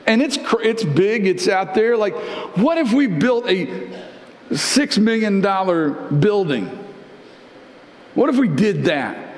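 A male pastor giving a conversational live sermon, repeating phrases and climbing in pitch to press his points. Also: expressive, takes it slowly. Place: church sanctuary. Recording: roomy church with long reverb.

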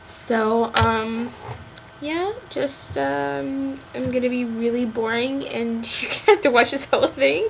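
Slow, rambling young woman. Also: on the high side, steady tone, vocal fry, background noise. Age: young adult. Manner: rambling, jokey, giggly. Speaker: college student. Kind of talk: casual video message to a friend.

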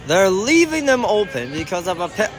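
A man giving excited sideline commentary on an amateur indoor soccer game, shouting and groaning at the plays and calling out to the referee. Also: high-pitched, moderate pace.

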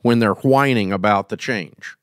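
A man's voice: fairly low pitch, moderate pace, clean tone, no echo. Guy, middle aged, folksy and emphatic, dry close studio sound. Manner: folksy, emphatic, acts out quoted scenes. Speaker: host giving business advice. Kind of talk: casual advice talk.

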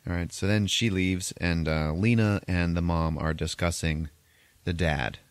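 A man's voice: low-pitched, fairly even intonation, a little slow, smooth, dry recording. A man hosting a podcast, recapping a movie in a loose, profane, rambling way with frequent laughs. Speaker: podcast host.

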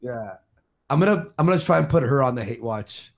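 A man chatting on an online show, crude and provocative, tossing out joking schemes. His voice sits at an ordinary middle pitch. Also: lively intonation, a little fast, vocal fry, slight background noise. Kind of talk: casual profane group chat.

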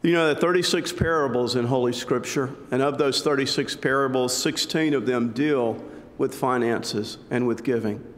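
A man preaching a sermon as pastor, conversational and telling jokes, in a church sanctuary. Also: mid-range voice. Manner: conversational, joking storytelling. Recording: long church reverb.

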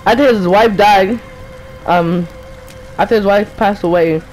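A man's voice: high voice, unhurried, a little mellow, poor audio. A man hosting a casual game commentary video, rambling in slang with many restarts. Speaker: gaming video host.

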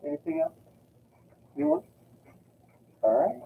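A man's voice: extremely high pitch, wildly swooping pitch, measured pace, vocal fry. A man, a teacher leading a class critique in a direct, coaching way. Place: school classroom. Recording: tinny, distant, noisy room.

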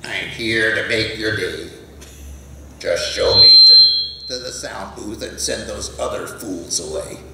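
A man's voice: fairly low pitch, takes it slowly, vocal fry, very noisy. A man voicing a boastful male rooster in an echoey hall. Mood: cocky. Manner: boastful, brash. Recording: roomy hall, mic at a distance.

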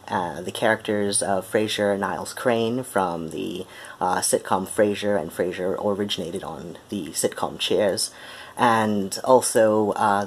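Slow, deep-voiced man with transatlantic accent. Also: slightly rough. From Ohio, USA. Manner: hesitant, full of ums and pauses. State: tired. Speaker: musician. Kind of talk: casual vlog introduction.

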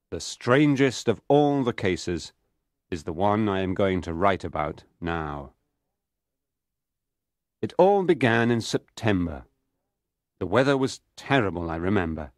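A man with a very low voice narrates a story for English learners. He reads slowly and clearly, and the recording is dry and close with no room sound. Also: no echo. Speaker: audiobook narrator. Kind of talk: scripted first-person narration for English learners.

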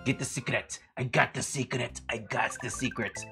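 A man livestreaming a game, chatting casually with viewers, swearing freely and yelling at the game in sudden high-pitched outbursts. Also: moderate pace, gravelly, faint music behind. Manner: profane, excitable trash talk at the game; greets viewers by name. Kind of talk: casual gaming livestream commentary.

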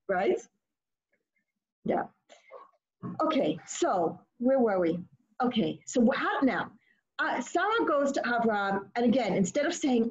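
A woman leading an informal study session, retelling stories in an expressive, animated way. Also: a little high, moderate pace. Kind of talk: informal teaching talk. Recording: muffled lo-fi audio.

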